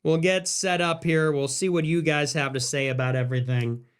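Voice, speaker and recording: A man's voice: fairly high pitch, fairly even intonation, moderate pace, clear, resonant tone. A young man hosting a podcast, delivering a combative political monologue and repeating his ultimatums in a mocking tone. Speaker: podcast host.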